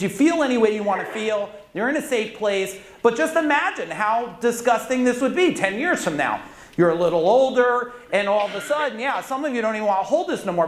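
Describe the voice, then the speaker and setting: A man giving a live motivational stage talk to an audience, intense and commanding, calling for shouted answers. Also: very high-pitched. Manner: intense, commanding, leads audience call-and-response. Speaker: motivational speaker. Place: large conference hall with audience. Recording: echoey hall.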